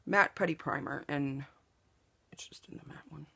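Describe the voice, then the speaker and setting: A woman talks through her makeup routine in a relaxed, chatty way. Her voice sits low and has a gravelly fry. She jokes about herself and often drops into a soft whisper while she works. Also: moderate pace. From Southeast Oklahoma, US. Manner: chatty and self-joking, drops to a whisper while applying products. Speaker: beauty vlogger. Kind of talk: casual makeup tutorial chat. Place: home makeup table with window open.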